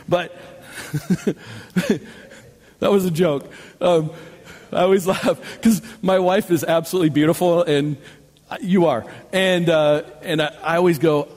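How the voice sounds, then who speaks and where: A male pastor preaching in a church sanctuary, his voice sitting a little high for a man and trailing off into the long reverb of a large hall. He tells personal stories in an animated way and pokes fun at himself as he goes. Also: normal speed. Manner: animated storytelling with self-mocking jokes. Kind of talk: sermon.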